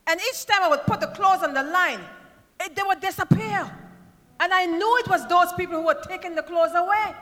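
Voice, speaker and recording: High bright-voiced woman preaching fervently. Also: brisk. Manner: builds from soft storytelling to shouted praise. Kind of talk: impassioned sermon. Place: church. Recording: reverberant church hall with music behind.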